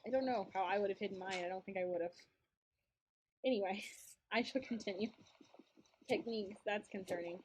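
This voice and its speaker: A woman's voice: medium pitch, brisk, pauses often, a little mellow, slight background noise. A young woman streaming a game and chatting casually, telling a story with frequent laughs and lots of repetition. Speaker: streamer and co-host. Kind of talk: casual storytelling while gaming.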